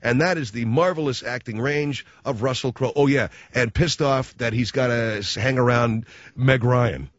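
At a moderate pace, a man hosting a show goes on a sarcastic comic rant that moves from loud, mocking bursts to low mutters. The recording is dry and muffled.

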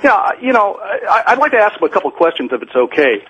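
Man in 40s, caller, fairly high voice, firm, lecturing, dull phone sound. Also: sing-song, fairly quick, a bit bright, husky. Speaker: caller, business manager. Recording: muffled phone line.

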